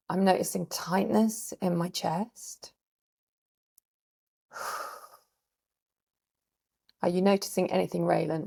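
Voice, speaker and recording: A woman coach gently guiding a calming practice, sighing often, her throat a bit scratchy. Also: mid-range voice, vocal fry. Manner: gentle, permissive guiding with frequent sighs. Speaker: recovery coach. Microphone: desk mic on a video call.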